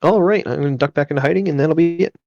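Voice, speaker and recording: An upbeat man playing a tabletop game keeps his turns quick. His voice is fairly high and gravelly and moves lively. The recording is dry. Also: dry recording, dull audio. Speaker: player.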